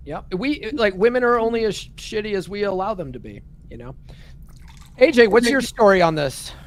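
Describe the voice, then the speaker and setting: A man on a podcast panel agrees readily, speaks bluntly and passes questions to the others. His voice sits a little higher than most men's. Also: lively intonation, moderate pace. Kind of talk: casual discussion.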